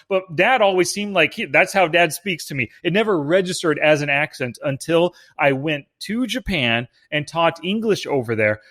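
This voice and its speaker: A man's voice: a little high, a bit bright. A young man co-hosting a podcast in casual chat, joking and sarcastic. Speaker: podcast co-host.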